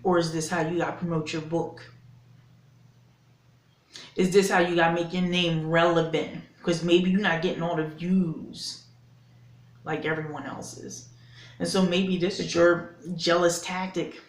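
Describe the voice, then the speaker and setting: Indignant low-voiced woman ranting to camera. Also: flat delivery, a little slow, pauses often. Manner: indignant, emphatic, swearing, with bursts of laughter. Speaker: vlogger. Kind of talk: opinion rant to camera. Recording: echoey room.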